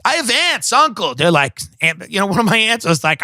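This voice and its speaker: A man's voice: very high voice, sing-song, measured pace, pushed and bright, no echo, studio quality. A man hosting a podcast, delivering a profane, sarcastic comedic rant that mocks the people he describes. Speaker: podcast host.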